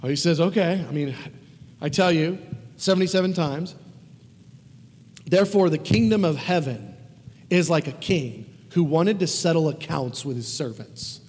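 A man preaching a conversational sermon, emphatic and animated, with casual asides. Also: a little high, normal speed, pauses often, slightly rough. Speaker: pastor. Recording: long reverb of a large hall.

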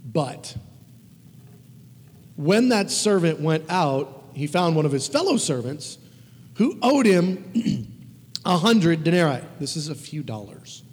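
A man preaching a conversational sermon, emphatic and animated, with casual asides. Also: a little high, takes it slowly, long pauses, breathy edge. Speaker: pastor. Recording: long reverb of a large hall.

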